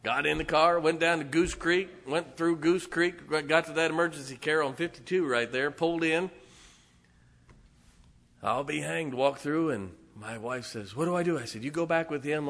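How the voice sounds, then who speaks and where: Folksy preacher man, bright voice. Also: a little high, moderate pace. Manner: folksy, animated storytelling with laughs and asides to the congregation. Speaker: pastor. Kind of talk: storytelling sermon. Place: church sanctuary.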